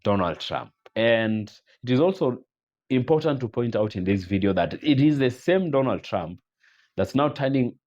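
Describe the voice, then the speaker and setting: A man hosting his channel, giving measured commentary and quoting old sayings. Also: mid-range voice, animated, darkish tone, muffled recording. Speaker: channel host. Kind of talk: commentary video.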